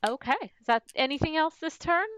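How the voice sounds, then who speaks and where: A woman's voice: high voice, fairly quick, fairly bright tone, poor audio. A woman running a tabletop game as game master, playful and laughing often.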